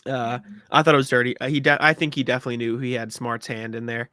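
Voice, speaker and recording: Man, casual sports talk, lots of uh's, bright voice, dry close sound. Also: mid-range voice, level tone, fast, no echo. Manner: casual, hesitant with fillers, agreeable. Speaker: podcast co-host.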